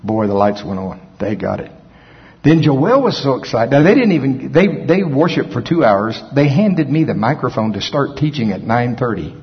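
Folksy, lively male preacher. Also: mid-range voice, moderate pace, big-room sound, highs cut off. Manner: folksy, animated anecdotes. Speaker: pastor. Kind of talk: storytelling sermon.

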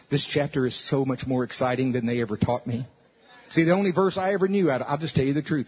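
Male pastor preaching at a church service, very husky voice, dull lo-fi sound. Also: medium pitch. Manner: animated, swinging from loud to soft, with laughs. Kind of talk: sermon. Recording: dull lo-fi recording.

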